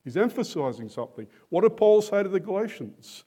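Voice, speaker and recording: A man preaching a sermon, asking rhetorical questions and stressing words with slow, deliberate emphasis. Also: high voice, very animated, mellow.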